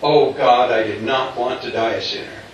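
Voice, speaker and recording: A man voicing a troubled man who speaks in a lowered, somber voice. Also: fairly even intonation, normal speed, highs cut off, slight background noise, lightly acted. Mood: despairing. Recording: very echoey hall, distant mic.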